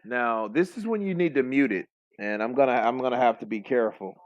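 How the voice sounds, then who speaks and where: Excitable, profane boxing stream host. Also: male voice, medium pitch, a little fast, dull audio. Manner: excitable, profane, joking banter. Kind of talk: live stream fight commentary.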